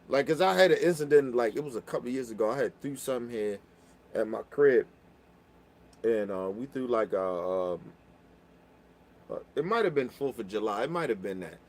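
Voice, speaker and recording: A young man telling a story in casual chat, profane and animated, getting loud when riled up. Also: mid-range voice, normal speed. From Baltimore.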